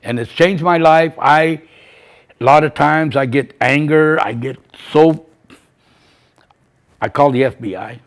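A man in his seventies giving personal testimony as a grieving father, speaking in halting, emotional bursts and repeating phrases. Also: a little high. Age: 70s.

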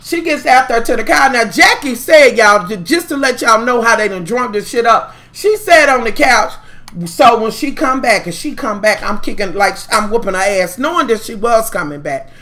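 Brief: female vlogger, sharp bright tone, foul-mouthed gossip rant with mocking drama. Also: fairly high pitch, lively intonation, moderate pace. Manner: profane, sassy, heavy swearing. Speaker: vlogger recapping a reality show.

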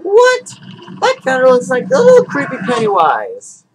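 Woman hosting a casual watch-along with giggly, rambling patter and a voice that cracks into squeaky highs and swoops all over. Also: huge pitch swings, normal speed, background noise. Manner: rambling, giggly, keeps saying "so anyway"; voice jumps suddenly into a squeaky high register. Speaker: channel host.

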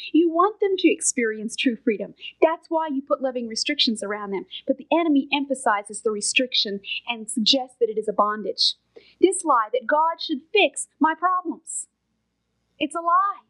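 Woman, middle-aged, high voice, sermon, earnest, emphatic, whispered asides. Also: a bit bright, rough recording. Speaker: Bible teacher.

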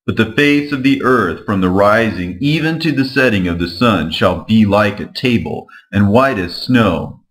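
A man reading an ancient scripture aloud in a slow, measured and grave manner. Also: on the low side, animated. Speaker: scripture reader.

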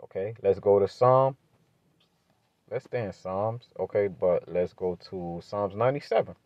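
A man teaching from the Bible in a preaching style, asking rhetorical questions and building to emphatic high-pitched points. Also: measured pace, a little mellow, no echo, highs cut off. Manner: emphatic, rises sharply in pitch when pressing a point; asks rhetorical questions, adds "right?".

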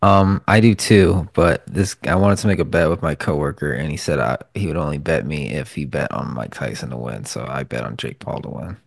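A man's voice: a bass voice, a little fast, creaky, hardly any pauses, no room sound, clean studio sound. A man co-hosting a casual podcast, who talks bluntly, rambles and swears a lot. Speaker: podcast co-host. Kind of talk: casual chat.

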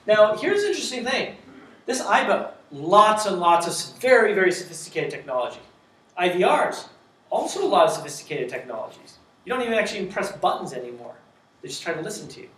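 A man giving a conference talk, lively and joking, asking the audience rhetorical questions. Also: sits high, quick pace, echoey room, recorded from a distance. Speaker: conference speaker.

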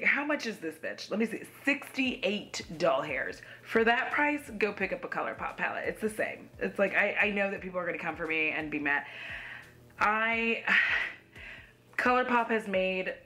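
A young woman talks makeup at home in a blunt, sassy way, with casual swearing along the way. Her voice is bright and sharp, sitting in a middle pitch for a woman. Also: animated, moderate pace. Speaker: beauty YouTuber.

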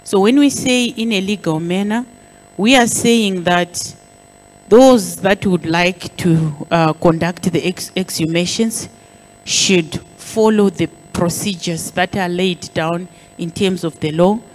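A woman government official giving a formal public address, speaking in a deliberate, measured way with frequent pauses and stressed key words. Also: fairly low pitch, poor audio.

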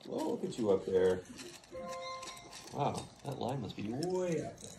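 A woman's voice: rumbling low, very animated, measured pace, over loud music. A woman in playful casual banter, teasing and laughing a lot. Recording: noisy background hiss.

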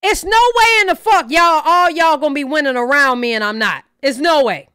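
A woman hosting a reaction channel, giving blunt, profane, animated opinions in casual commentary. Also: sits high, moderate pace, no room sound, studio quality.

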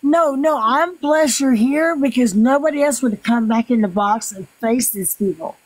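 A woman's voice: sits high, normal speed, slight background noise, rough recording. An older woman with a Southern US accent who hosts a livestream chat in a blunt, rambling way and keeps repeating herself. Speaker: livestream host.

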